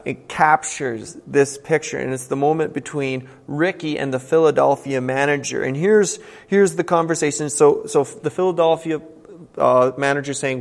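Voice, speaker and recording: Male pastor, average pitch, earnest sermon delivery that swells to emphatic peaks, heard in a big echoing church hall. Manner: earnest preaching, swings from hushed to loud and emphatic. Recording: long reverb from a large hall.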